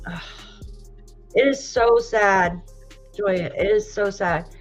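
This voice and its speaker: A woman's voice: medium pitch, slow pace. A woman hosting a casual livestream, talking straight to her viewers and greeting the chat. She sighs often and sounds close to tears. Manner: emotional, sighing, fighting back tears. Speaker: true crime livestream host. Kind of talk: casual livestream commentary, reading posts aloud. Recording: dull lo-fi stream audio with faint music.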